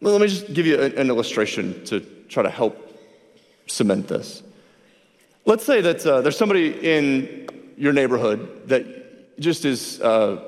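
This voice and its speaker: Male pastor mid-sermon, lively and animated, voicing characters in his illustrations, reverberant church sanctuary. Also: medium pitch. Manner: animated, acts out both sides of conversations.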